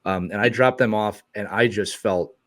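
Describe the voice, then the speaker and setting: A middle-aged man hosting a podcast interview, talking candidly in halting bursts with repeated words. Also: lowish voice, a bit bright. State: emotional. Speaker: podcast host. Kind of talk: casual interview chat.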